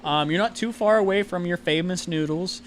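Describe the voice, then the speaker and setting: A man's voice: high-pitched, normal speed, a little hiss or hum. Man rambling through game narration. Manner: rambling, filler-heavy, giggly narration. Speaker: game master.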